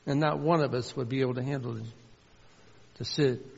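A man preaching a sermon with earnest emphasis, swinging between loud stressed lines and soft low asides. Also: steady tone, a little fast, vocal fry, husky. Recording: muffled sound with long hall reverb.

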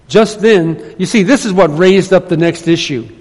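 A man with a fairly high voice preaches to his congregation in a conversational, sometimes emphatic way. His words ring out with a long church-hall reverb. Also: normal speed, darkish tone. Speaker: pastor. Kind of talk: sermon. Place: church sanctuary.

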